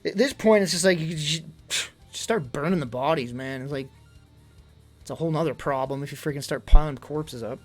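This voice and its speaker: A young male streamer talks in a slightly high voice, out of breath as he rambles on in casual chat. He worries aloud, jumping between loud emphatic bursts and low mutters, with faint music playing behind him. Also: fairly quick.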